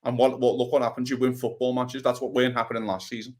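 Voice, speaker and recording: A man's voice: medium pitch, level tone, fast, a little mellow. A man from Liverpool with a Scouse accent, co-hosting a casual football chat and talking passionately, with swearing along the way. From Liverpool, England. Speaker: podcast co-host.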